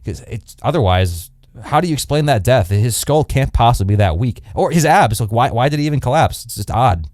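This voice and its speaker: A man's voice: mid-range voice, animated, a little fast, hardly any pauses, a little mellow, no room sound, studio quality. A man co-hosting a casual podcast, blunt and sarcastic, rambling and swearing casually. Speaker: podcast co-host.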